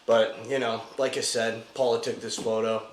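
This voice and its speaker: A man in the middle pitch range tells a story in a relaxed, chatty way, sprinkling in "dude" and "like" as he goes. His voice carries a roomy echo. A faint noise sits underneath. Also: moderate pace. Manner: laid-back and chatty, says "dude" and "like" often. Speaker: podcast co-host. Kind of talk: casual podcast storytelling.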